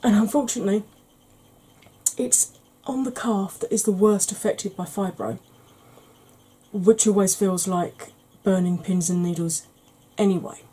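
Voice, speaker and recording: A woman talks through an ASMR makeup tutorial in a soft, mellow voice, close to the mic. She is tired from lack of sleep. She chats and rambles with dry, self-mocking humour. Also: mid-range voice, steady tone, measured pace, breathy edge, rough recording. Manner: chatty, rambling, wry humour. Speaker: beauty channel host.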